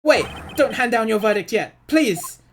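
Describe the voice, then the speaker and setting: A woman's voice: low voice, big pitch swings, fairly quick, slight background noise, voice pushed up. A woman voicing an earnest young male defense attorney from a video game, anxious and pleading as she reads his lines aloud over game music. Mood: forceful.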